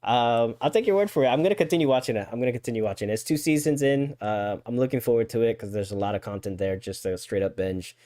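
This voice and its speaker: A man's voice: medium pitch, quick pace, hardly any pauses, warm tone, no room sound, studio quality. A man co-hosting a live podcast, chatting casually and repeating words as he talks. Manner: chatty, stammers and repeats words, reads chat aloud. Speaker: podcast co-host. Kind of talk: casual live-stream chat.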